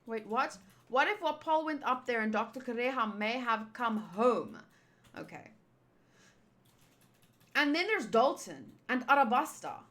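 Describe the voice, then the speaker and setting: Young woman, playful manga readthrough host, lively and unhurried. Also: fairly high pitch. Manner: playful, giggly asides and jokes. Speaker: channel host.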